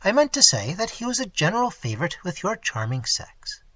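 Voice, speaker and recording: A man's voice: sits high, sing-song, a little fast, pushed and bright, dry recording, pitched above the performer's own voice, heavily acted. A man reading the part of a staid, comfortable middle-aged husband who talks earnestly and a little peevishly.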